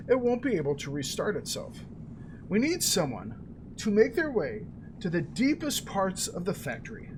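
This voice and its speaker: Brisk quest-giving officer, read by a man. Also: sits high, a little hiss or hum. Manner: reading quest text aloud in a lightly acted voice.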